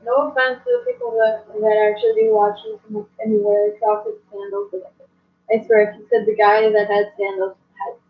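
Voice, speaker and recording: A woman's voice: medium pitch, little pitch movement, moderate pace. A woman playing in a casual tabletop game, giggly and trailing off mid-thought. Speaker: player. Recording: dull lo-fi home recording.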